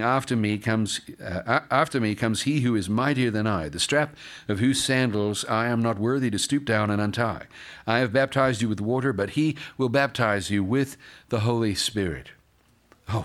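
A pastor with a male voice on the low side reads scripture aloud mid-sermon, breaking away often to joke and comment with the congregation.

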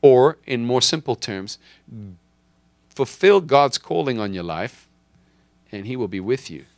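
A man's voice: mid-range voice, animated, unhurried, a little mellow, no room sound. A man preaching a sermon as pastor, speaking emphatically and repeating key lines for his listeners.

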